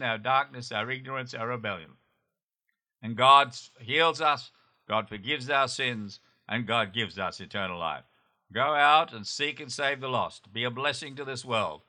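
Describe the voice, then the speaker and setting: A male pastor delivers a sermon in an earnest, urging manner. His voice has a very bright, forward tone at a middle pitch. He leads a prayer slowly, line by line. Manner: earnest, exhorting, repeats prayer lines slowly. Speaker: pastor, show host.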